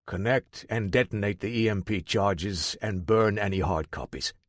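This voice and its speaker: A man voicing a menacing male crime boss who speaks slowly and deliberately. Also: fairly low pitch, no echo, studio quality, close to an everyday voice. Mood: cold.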